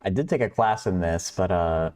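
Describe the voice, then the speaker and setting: A man's voice: low voice, moderate pace, a little mellow. A man hosting a math livestream, working through problems aloud while chatting with viewers and laughing often. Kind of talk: casual livestream problem-solving.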